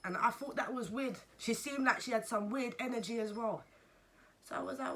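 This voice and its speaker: A young woman with a London accent, telling a story to camera in a casual, animated way and swearing freely. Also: fairly high pitch, normal speed. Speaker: vlogger.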